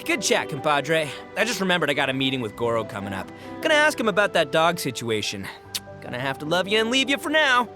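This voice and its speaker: A man's voice: fairly high pitch, wildly swooping pitch, fast, music in the background. An actor playing a brash, boastful young male gang boss in a video game, boisterous and laughing, tripping over fillers. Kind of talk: game voice acting.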